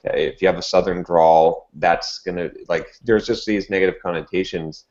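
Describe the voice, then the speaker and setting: Guy with a lowish voice giving his take on a podcast, lots of "like" and "um", muffled audio. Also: steady tone, normal speed, darkish tone. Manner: opinionated, many fillers and restarts. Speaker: podcast co-host. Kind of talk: casual podcast chat. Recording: dull lo-fi audio.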